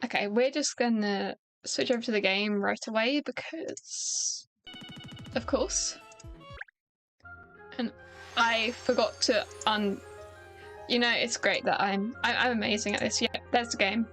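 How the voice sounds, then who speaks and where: British streamer, high-voiced, rambly and self-mocking, faint game music behind. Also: female voice, steady tone, measured pace, long pauses, fairly bright tone. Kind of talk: casual gameplay commentary.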